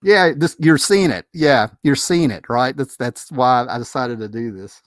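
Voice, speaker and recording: A man hosting a casual movie commentary video, talking in an animated, exasperated, rambling way with frequent restarts and laughs. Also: medium pitch, unhurried, no room sound, clean studio sound.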